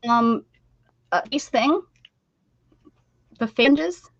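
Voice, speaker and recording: Chatty American woman, a bit high. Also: expressive, extremely slow, creaky, dry recording, highs cut off. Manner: chatty, laughs often, teasing. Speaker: craft livestream host. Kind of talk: casual chat while crafting.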